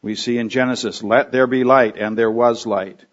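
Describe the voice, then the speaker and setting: A man's voice: mid-range voice, fairly even intonation, normal speed. A man giving a conversational expository sermon, thinking aloud with restarts and fillers as he explains a verse. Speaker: preacher. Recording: dull lo-fi recording.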